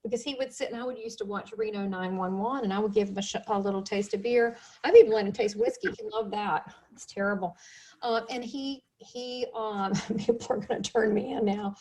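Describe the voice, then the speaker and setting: A middle-aged woman hosting a casual interview, telling lively stories and laughing often. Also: medium pitch, fairly quick. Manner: animated storyteller, laughs often. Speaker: host.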